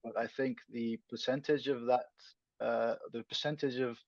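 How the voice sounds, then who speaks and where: A man's voice: medium pitch, fairly even intonation, moderate pace, gravelly, no echo. A man with a Dutch accent, a native Dutch speaker, answering interview questions thoughtfully and searching for his words. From Netherlands. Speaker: guest. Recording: dull lo-fi dry sound.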